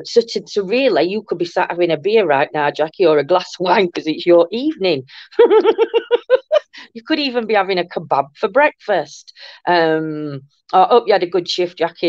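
A woman's voice: lowish voice, darkish tone, no echo. Chatty older woman livestream host. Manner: chatty, greets viewers with endearments, giggly. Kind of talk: casual live chat reading comments. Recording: muffled lo-fi dry room sound.

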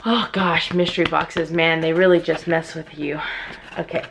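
A young woman with a low, gravelly voice chats casually to her viewers while unboxing collectibles at home. She talks straight to the camera and breaks into squealing excitement at good finds. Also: normal speed, noisy background. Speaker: unboxing vlogger. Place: at home indoors with others asleep.

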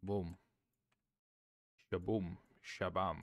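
A man streaming a cooking game, chatting casually, swearing and suddenly shouting. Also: low voice, level tone, very slow, no room sound, studio quality. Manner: chaotic, swears, bursts of shouting. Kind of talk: casual gameplay chat.

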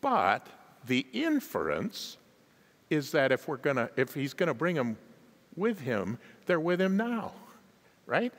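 A man's voice: on the high side, huge pitch swings, takes it slowly. A man preaching a sermon as a guest pastor in a large church, emphatic, chuckling at his own asides and calling on the congregation to answer. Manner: emphatic, calls on the congregation to respond. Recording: long hall reverb in a church.

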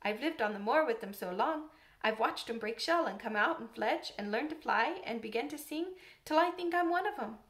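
A woman's voice: fairly high pitch, animated, fairly bright tone. A woman doing a cheery country boy. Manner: quick, easy, good-humoured.

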